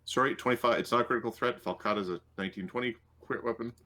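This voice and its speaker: A man's voice: mid-range voice, quick pace, sharp tone. A man running a tabletop game as game master, talking through rules and rolls with frequent ums. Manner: hesitant, full of ums, working through rules aloud.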